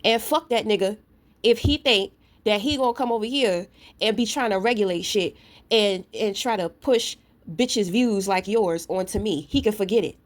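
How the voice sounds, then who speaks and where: This vlogger, a mother, speaks at a moderate pace and mid-level female pitch while ranting to camera with blunt profanity and a confrontational edge. Her story unfolds casually, peppered with asides directed at whoever's watching.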